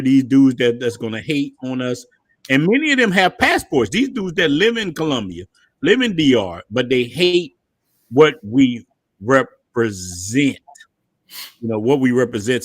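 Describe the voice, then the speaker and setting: A man hosting a live stream, talking in loose, joking street slang. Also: mid-range voice. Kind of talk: casual live stream chat.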